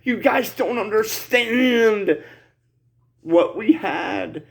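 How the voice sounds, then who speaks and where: A man's voice: sits high, extremely slow, gravelly, rough recording. A man in his forties delivering a heated, profane vlog rant, rambling and repeating himself, peppering every line with "bro" and "dude.". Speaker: vlogger.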